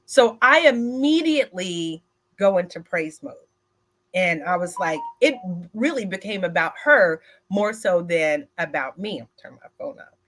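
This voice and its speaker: Bright-voiced woman telling a story. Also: lowish voice, unhurried. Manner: animated storyteller who speaks straight to the audience; frequent filler words. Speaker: speaker at a women's retreat. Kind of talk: personal storytelling talk.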